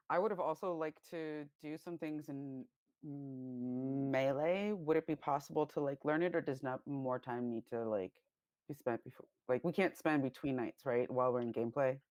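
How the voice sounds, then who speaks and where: A woman's voice: low voice, normal speed, a little mellow, highs cut off. A woman playing a tabletop game, talking casually with many fillers. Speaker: player.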